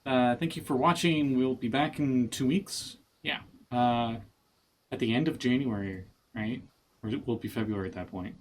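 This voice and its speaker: Casual male host, middle pitch, easygoing and unscripted. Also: normal speed. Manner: relaxed, loose phrasing with fillers. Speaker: stream host and game master. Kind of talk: casual end-of-stream chat.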